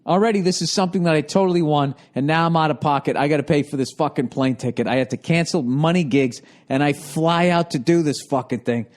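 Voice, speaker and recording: A comedian in his forties talks fast, with few pauses, in a slightly high voice while telling an exasperated comic tale. He swears nonstop, and his pitch jumps when he's riled.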